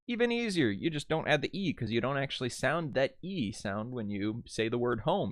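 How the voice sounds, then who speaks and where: A man giving a casual slideshow lesson on pronunciation, relaxed, with frequent "uh" fillers and words sounded out slowly. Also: medium pitch, no room sound. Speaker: voice and dialect teacher.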